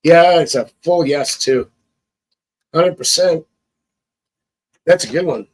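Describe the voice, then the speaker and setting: A man's voice: a little high, slow pace, slightly rough, poor audio. A man reading tarot cards on a live stream. He chats casually, thinks aloud and chuckles often. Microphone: phone.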